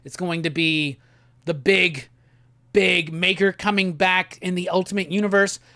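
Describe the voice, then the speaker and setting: Chill guy on a livestream, slangy, rattles off chat comments fast. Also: sits high, steady tone, pushed and bright, no room sound, studio quality. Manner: laid-back, slangy, quick bursts when reading comments. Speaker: livestream host. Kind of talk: casual livestream chat, reading viewer comments.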